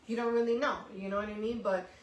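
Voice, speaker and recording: A woman's voice: on the high side, steady tone, quick pace, reverberant, far from the mic, rough recording. A woman co-hosting a casual talk show who speaks bluntly, swears freely and laughs often. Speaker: co-host. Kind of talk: casual chat.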